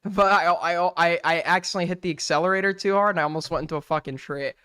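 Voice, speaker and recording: A young man hosting a stream, reacting and bantering casually with a loud, jokey, profane manner. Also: a little high, fairly even intonation, quick pace, clean tone, dry recording, studio quality. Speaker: streamer host.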